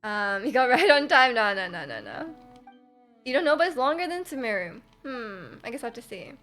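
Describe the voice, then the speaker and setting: A woman's voice: fairly high pitch, sing-song, fairly quick, sharp tone, soft background music. Giggly rambling woman streamer. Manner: rambling, giggly, lots of fillers. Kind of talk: casual chat while gaming.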